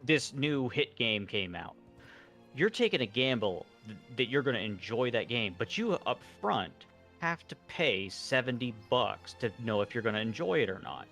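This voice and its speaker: A man's voice: medium pitch, big pitch swings, moderate pace, a bit bright, soft background music. A man co-hosting a casual stream chat, agreeing readily and adding his own points. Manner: agreeable, chiming in. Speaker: co-host, streamer.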